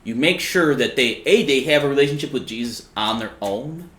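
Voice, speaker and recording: A man speaks as a guest on a faith podcast, his voice at a middle pitch. He answers earnestly and with firm conviction, and the room around him gives a noticeable echo. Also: lively intonation, moderate pace, fairly bright tone.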